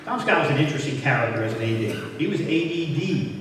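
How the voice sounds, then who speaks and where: A man's voice: fairly high pitch, expressive, fairly quick, over a noisy crowd. An older man giving a self-deprecating, anecdote-filled speech at an awards event, acting out old conversations as he goes. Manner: anecdotal, self-deprecating, quoting others in dialogue. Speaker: hall of fame inductee speaker. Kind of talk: storytelling speech. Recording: echoey hall from far off.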